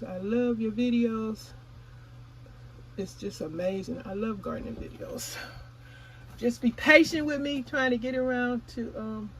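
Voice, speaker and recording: A chatty woman from California vlogging about her garden in a relaxed, casual way. She talks straight to her viewers, calls them y'all, and sometimes keeps talking while she chews. A faint hiss sits under the recording. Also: fairly high pitch, poor audio. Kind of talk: casual vlog chat.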